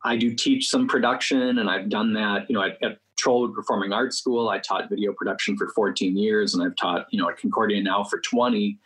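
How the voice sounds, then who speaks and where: A man's voice: fairly low pitch, fairly even intonation, a little fast, hardly any pauses, a bit bright, slightly rough, rough recording. A middle-aged man, a college film teacher, talking in a panel discussion with many restarts and fillers.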